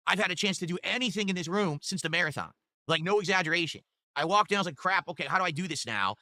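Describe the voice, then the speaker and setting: Livestreaming from home on a desktop USB mic, a man with a high voice talks at a quick pace, a bit of hiss or hum in the audio. His casual chat rambles, he curses freely, and he thanks donors with animated enthusiasm as he reads their donations.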